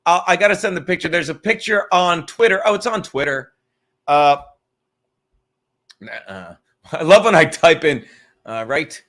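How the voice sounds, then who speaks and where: Lively, bright-voiced joking man host. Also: on the high side, unhurried, pauses often. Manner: rambling, profane, joking storyteller. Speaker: podcast host. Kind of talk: casual livestream chat.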